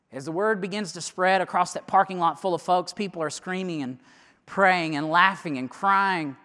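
A man telling a sermon illustration as a dramatic story, going from loud urgency to hushed near-whispers. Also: sits high, normal speed. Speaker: preacher. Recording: long reverb of a large hall.

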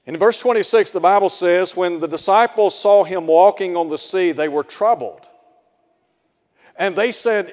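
A man preaching a radio sermon, slow and deliberate, asking his listeners pointed rhetorical questions. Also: high voice, lively intonation, darkish tone, long reverb tail.

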